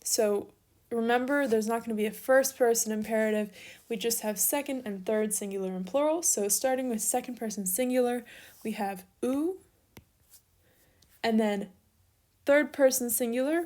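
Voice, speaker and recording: Young woman, slightly high voice, patient step-by-step teacher for a recorded lesson. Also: moderate pace, darkish tone. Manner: patient, step-by-step explaining while writing. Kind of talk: recorded online grammar lesson.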